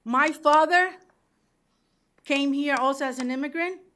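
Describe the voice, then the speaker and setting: An older woman from Cuba testifies at a public hearing about her taxi medallion. Her voice sits high and she speaks slowly. She sounds emotional and pleading throughout. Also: fairly bright tone, a little hiss or hum.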